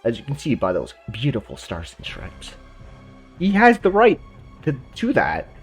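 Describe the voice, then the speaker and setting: A man's voice: medium pitch, wildly swooping pitch, unhurried, breathy edge, faint music behind. A man from Canada giving blunt, swear-heavy reaction commentary, ranting casually. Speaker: reaction streamer.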